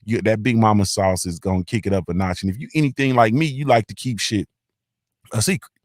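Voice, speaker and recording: A man's voice: fairly low pitch, brisk, dry recording, studio quality. A man hosting a casual morning talk show, speaking in a loose, laid-back way with lots of fillers and repeated tags. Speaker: host.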